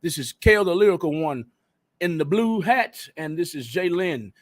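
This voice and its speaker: A man's voice: on the high side, expressive, moderate pace. A man hosting a live radio talk show, chatting casually with loose, joking slang.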